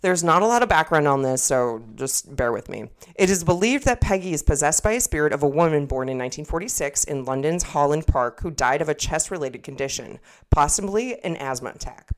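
A woman's voice: sits low, lively intonation, a little fast, few pauses. A young woman co-hosting a podcast in casual chat, rambling and swearing freely, often restarting her sentences. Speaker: podcast co-host.

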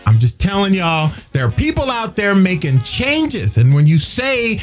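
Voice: medium pitch, big pitch swings, normal speed, faint music behind. A radio host chatting casually on air, emphatic and preachy, repeating phrases for effect.

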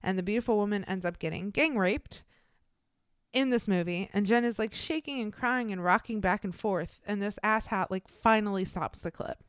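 Blunt, smooth-voiced young woman podcaster. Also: medium pitch, moderate pace, no echo, studio quality. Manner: blunt and profane, many fillers like "like". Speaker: podcast co-host. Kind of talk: casual true-crime storytelling.

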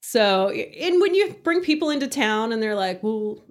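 Middle-aged lady chatting on a podcast, kinda high voice, laughs a lot. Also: big pitch swings, moderate pace. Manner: chatty, laughs often, acts out quotes. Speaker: podcast guest. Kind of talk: casual interview chat.

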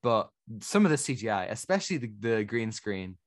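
A man's voice: lowish voice, a little fast, no room sound, clean studio sound. A man co-hosting a film podcast, chatting casually and opinionated, with frequent restarts. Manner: animated, opinionated, rambling restarts. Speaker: podcast co-host. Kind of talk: casual film review chat.

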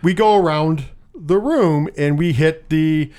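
A man's voice: a little high, measured pace, darkish tone, smooth. A man casually retelling a film's plot on a podcast, rambling, swearing freely and acting out the characters' lines. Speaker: podcast co-host. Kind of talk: casual movie recap chat.

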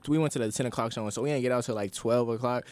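A young man guesting on a podcast in casual chat, telling animated, slangy stories and acting out what people said. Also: medium pitch, rapid-fire, smooth. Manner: animated storyteller, slangy, acts out quotes.

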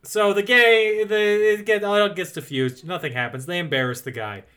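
A man co-hosting a podcast, telling a movie's plot in a jokey, animated way. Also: sits high, normal speed, clear, resonant tone. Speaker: podcast co-host. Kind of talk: casual movie recap chat.

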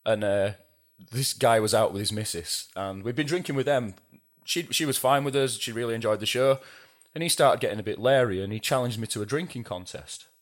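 A middle-aged man, a drummer guesting on a podcast, telling animated stories, swearing casually and laughing mid-sentence. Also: mid-range voice, a little fast. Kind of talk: casual interview storytelling.

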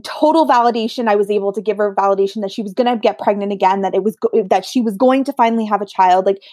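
A woman's voice: mid-range voice, fast talker, no room sound, clean studio sound. Chatty woman medium telling stories. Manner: animated, acts out quoted voices. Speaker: medium, guest. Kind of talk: casual interview storytelling.

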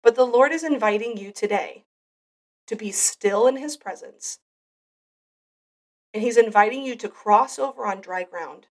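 Woman host, fairly high voice, sincere devotional teaching, mic set back from her. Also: measured pace, pauses often, far from the mic. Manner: earnest, heartfelt. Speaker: podcast host.

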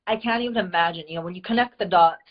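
A woman's voice: lowish voice, rapid-fire, muffled recording. A woman from the United States hosting a live stream, talking in a gushing, heartfelt way with many fillers. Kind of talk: casual live-stream chat.

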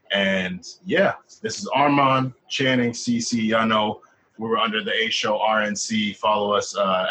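A man's voice: fairly low pitch, pushed and bright, a little hiss or hum, rough recording. A man co-hosting a casual wrestling chat podcast, often stammering and repeating words. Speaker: podcast co-host.

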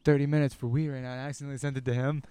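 A young man telling a rambling story in a casual outdoor podcast chat, getting animated and cursing as he goes. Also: mid-range voice, racing, clean tone, no room sound. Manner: rambling, animated, swears when worked up. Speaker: podcast guest.

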